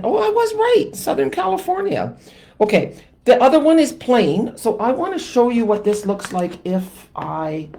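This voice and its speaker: A woman's voice: fairly low pitch, gravelly, background noise. A woman hosting a live card-stamping tutorial, chatting with viewers and teasing herself about her mistakes as she works. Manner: chatty and self-deprecating, greets live commenters. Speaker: stamping demonstrator and channel host.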